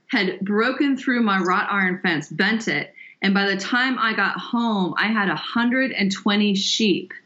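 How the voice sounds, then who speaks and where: A woman guest in an interview, telling a story in a lively way and drawing out words for emphasis. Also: mid-range voice, muffled recording. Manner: animated, draws out words for emphasis. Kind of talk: conversational storytelling.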